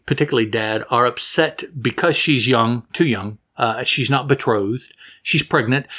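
A man's voice: mid-range voice, a bit bright. A man hosting a casual comic book review show, rambling and correcting himself as he reads passages aloud. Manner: rambling, self-correcting, chatty. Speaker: comic book podcast host.

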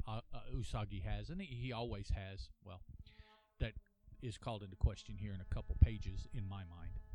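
A man's voice: on the low side, dark tone. A man hosting a casual solo comic review, thinking aloud with many restarts and an earnest, apologetic manner. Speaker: podcast host reviewing a comic.

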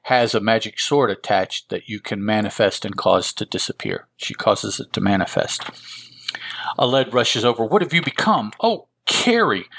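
A man's voice: fairly low pitch, gravelly, pushed and bright, no room sound. A man hosting a casual comic book review, rambling and correcting himself as he goes. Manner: rambling, with fillers and self-corrections. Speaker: host.

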